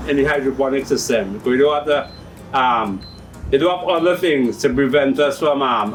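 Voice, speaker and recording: A man's voice: medium pitch, recorded from a distance, a little hiss or hum, poor audio. A middle-aged man with a Trinidadian accent, patiently explaining how his hydroponic systems work on a farming TV show. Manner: explanatory, patient, uses local turns of phrase. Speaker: hydroponics shop owner.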